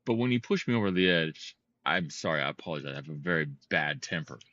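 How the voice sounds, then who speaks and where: A man co-hosting a podcast, telling a story in a casual, animated and heated way. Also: extremely low pitch, fast talker, no room sound, dull audio. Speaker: podcast co-host.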